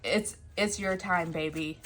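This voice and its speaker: A woman's voice: lowish voice, steady tone, measured pace, a bit bright. A woman voicing her spirit guides as blunt, mobster-style bodyguards. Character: tough protective spirit guides, bossy bodyguards.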